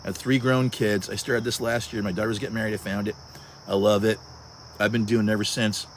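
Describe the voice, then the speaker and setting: A man's voice: lowish voice, level tone, brisk, slight background noise. A man in his early sixties hosting a casual livestream outdoors, chatting with viewers and greeting them by name, with frequent restarts. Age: 60s. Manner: talkative, restarts, addresses viewers by handle. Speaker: livestream host. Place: outdoors at sunset.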